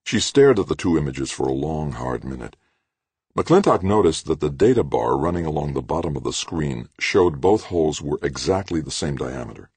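Super deep gravelly guy reading a story, husky, lively delivery. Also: moderate pace, no echo. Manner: expressive reading, voices every character. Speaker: audiobook narrator. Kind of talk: scripted narration.

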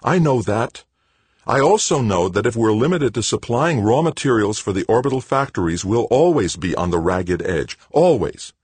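A man reading an audiobook and voicing an earnest young man who urges his point calmly but insistently. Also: sits low, normal speed, breathy edge, no echo, voice pushed up, heavily acted. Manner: earnest, urging, calm. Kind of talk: audiobook character voice.

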